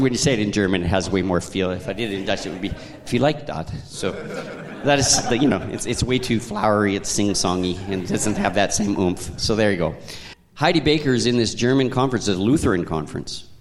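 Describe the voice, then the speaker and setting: A male pastor delivers a sermon into a handheld microphone, telling stories in an easy conversational way with occasional chuckles. His voice sits at an ordinary pitch. It rings out with the long reverb of a church sanctuary.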